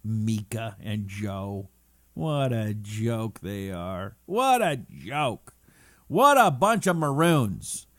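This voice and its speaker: A man's voice: lowish voice, sing-song, drawn-out words, a bit bright, dry recording, studio quality. A middle-aged man hosting a casual talk stream, reading viewer comments aloud and riffing on them in a chatty, rambling way. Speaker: talk show host.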